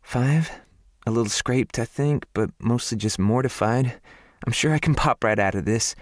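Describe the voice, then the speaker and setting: A man's voice: mid-range voice, normal speed, dry recording, clean studio sound, pitched above the performer's own voice, natural voice. A man voicing a stubborn southern young woman. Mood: embarrassed, deflecting. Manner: polite, self-deprecating, brushing off help.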